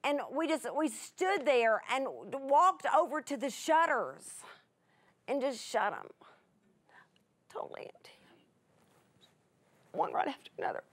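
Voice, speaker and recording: A woman's voice: high voice, expressive, unhurried, long pauses. A middle-aged woman, telling an emotional personal story in a folksy, chatty way that turns tearful at times. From United States. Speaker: Bible teacher guest.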